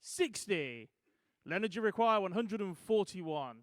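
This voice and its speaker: A man's voice: high voice, animated, no room sound, studio quality. A man calling darts scores, drawing out each call. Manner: slow, drawn-out announcing. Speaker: darts referee.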